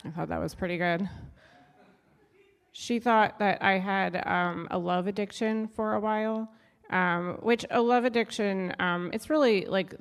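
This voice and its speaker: A young adult stand-up comedian, a woman with a lowish voice, works the stage of a live show. Her wry, self-deprecating jokes land punchily, and the sound has a big-room feel.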